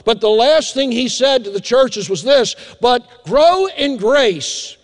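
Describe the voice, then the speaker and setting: Older man, pastor's sermon, high voice, long reverberating hall. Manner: animated preacher, acting out scenes with hushed asides and drawn-out emphasis.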